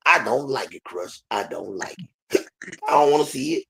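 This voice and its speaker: A man's voice: medium pitch, expressive, normal speed, vocal fry, sharp tone, breathy edge. A man in casual conversation who talks in an emphatic drawl and repeats his points. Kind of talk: casual chat.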